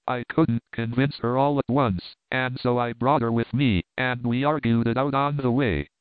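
A man voices a burly old blacksmith turned prizefighter, hearty and plain-spoken. His voice is smooth and full, but the recording is tinny and narrow like a phone line, with a dry close sound. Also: mid-range voice, steady tone, normal speed, no echo, natural voice. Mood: apologetic. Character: burly good-natured older male blacksmith prizefighter.

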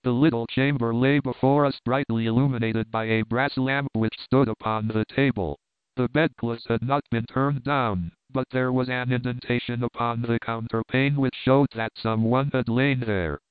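Man narrating a story, smooth voice. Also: mid-range voice, steady tone, normal speed, dry recording. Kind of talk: audiobook narration of a period novel. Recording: dry, narrow phone-like sound.

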